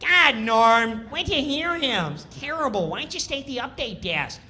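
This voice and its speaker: A man doing a high-pitched impression of a nitpicking male castmate who keeps needling a colleague. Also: lively intonation, normal speed, bright, forceful tone, full character voice. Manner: nagging, incredulous, high-pitched.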